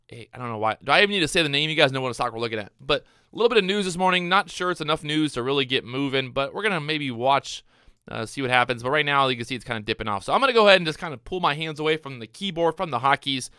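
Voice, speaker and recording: A man giving live day-trading commentary to his viewers, excitable and out of breath, repeating his phrases as he watches the charts. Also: medium pitch, fast, smooth, no room sound, clean studio sound. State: out of breath, hyped up. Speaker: day trader streaming his trades.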